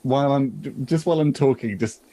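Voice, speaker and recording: A British man playing a cleric in an improvised tabletop game, playful and quick to laugh. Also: mid-range voice. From Britain. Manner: playful, laughs often, animated. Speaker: player.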